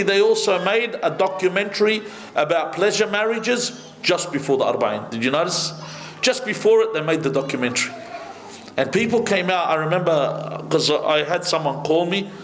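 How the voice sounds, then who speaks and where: A man's voice: high-pitched, lively intonation, moderate pace, fairly bright tone. A man, a sheikh, preaching a sermon at a majlis with impassioned rhetorical questions that climb to emphatic peaks. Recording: echoey hall.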